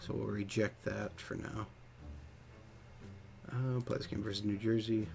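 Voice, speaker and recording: A man's voice: fairly low pitch, measured pace, vocal fry. A man casually talking through his moves in a hockey management game on a stream, muttering as he reads results. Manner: relaxed, muttering play-by-play of menus. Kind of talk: casual commentary over gameplay.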